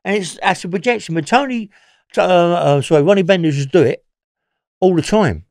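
A man's voice: high voice, a little fast, a little mellow, no room sound, studio quality. A man, a former prisoner telling rambling stories in an interview, swearing and laughing as he goes. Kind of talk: storytelling interview.

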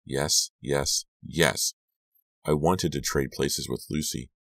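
A man narrating a scary audiobook in a measured, hushed storytelling manner, lifting his voice for the dialogue. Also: very deep voice, gravelly, no echo. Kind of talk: scripted narration.

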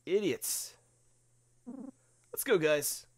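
A man's voice: a little high, expressive, extremely slow. Let's play host, man, rambling and profane, easy laughter. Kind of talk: casual gameplay commentary.

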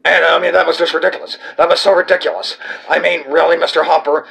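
A man puts on a flustered monkey puppet host for a comedy sketch, pitched high with a deep gravelly fry. The voice is husky and rough, and it stammers through exasperated rants. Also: level tone, fast talker, a bit bright, full character voice.

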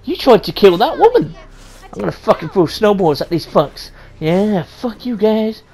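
A woman's voice: mid-range voice, big pitch swings, normal speed, a little mellow, slight background noise. A woman playing a story game on a stream, swearing constantly in brash, jokey commentary. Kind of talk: profane casual gameplay commentary.

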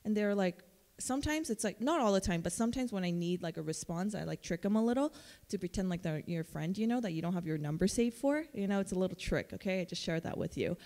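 A woman admissions counselor giving a chatty, animated conference presentation, full of fillers and playful quoted voices. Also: medium pitch, fast talker. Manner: jumps into playful character voices for quoted texts. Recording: long reverb of a conference room.

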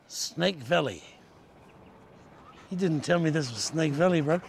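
A man's voice: fairly high pitch, lively intonation, unhurried, gravelly, far from the mic, a little hiss or hum. A New man, hosting a hunting show with easygoing, jokey narration and banter. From New Zealand. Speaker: host and hunter. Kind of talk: documentary narration and field banter.

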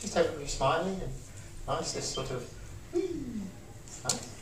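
A man's voice: fairly high pitch, huge pitch swings, normal speed. Chatty man in an echoey room. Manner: chatty, joking, acting out emotions for the audience. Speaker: speaker giving a talk. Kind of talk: informal talk to a live audience. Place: small event room. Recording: echoey room, voice from far off, audible noise.

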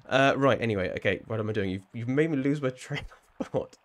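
A man's voice: mid-range voice, lively intonation, normal speed. A man with a southern English accent, chatting casually with viewers while playing a game on a live stream, rambling and laughing often. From southern England.

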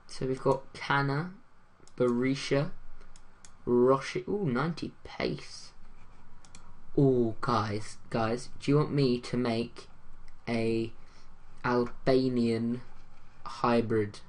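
Laid-back guy thinking out loud over a football game, slow talker, jokey. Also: mid-range voice. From London. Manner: chatty, jokey, thinks aloud. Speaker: gaming YouTuber. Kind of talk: casual gameplay commentary.

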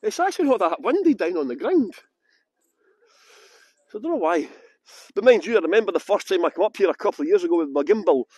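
Chatty Scottish man, high voice. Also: big pitch swings, fast, long pauses, darkish tone, husky, no room sound. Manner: chatty, greets viewers, laughs often. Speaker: tour guide. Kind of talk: live-streamed tour chat. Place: outdoors on a windy hilltop. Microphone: good external microphone.

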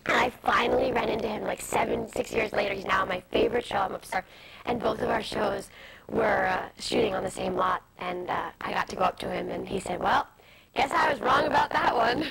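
Fast-talking gravelly young woman. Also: mid-range voice. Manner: fast, animated anecdote-telling with many asides. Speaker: interview guest. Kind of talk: candid storytelling interview. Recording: noisy early-2000s TV broadcast audio.

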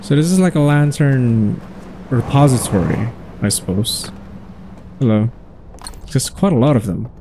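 A man's voice: medium pitch, expressive, unhurried, pauses often, noisy background. A man hosting his own gaming videos, chatting casually and thinking aloud as he plays. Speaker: gaming channel host. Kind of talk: casual let's-play commentary.

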